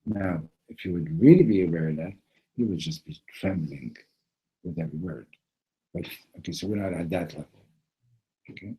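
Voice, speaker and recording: Low husky-voiced man teaching a class. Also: moderate pace, long pauses, highs cut off. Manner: animated storyteller who acts out the voices. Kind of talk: Torah class with storytelling.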